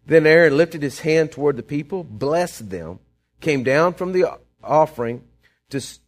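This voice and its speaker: A man with a slightly high voice preaches in a folksy, conversational style. He checks in with the congregation often and moves between quiet asides and emphatic bursts. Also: lively intonation, a little slow. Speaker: pastor. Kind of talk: sermon.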